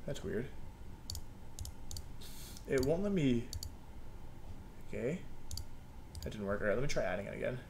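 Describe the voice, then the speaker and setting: Unhurried and sing-song, this young man's medium-pitched, darkish voice carries vocal fry, and he pauses often over a little hiss or hum. At his home desk recording a game video, he rambles to viewers, mutters to himself and pokes fun at himself.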